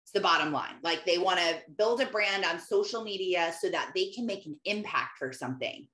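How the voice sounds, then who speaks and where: A woman's voice: lowish voice, brisk, bright, forceful tone. A woman Christian life coach giving an emphatic, conversational motivational talk, often repeating phrases. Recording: roomy echo.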